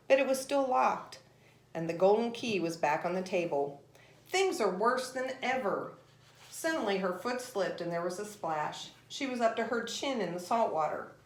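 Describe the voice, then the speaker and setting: A woman reading a children's storybook aloud in a gentle, measured voice of middling pitch. The recording is roomy, with a clear echo around her.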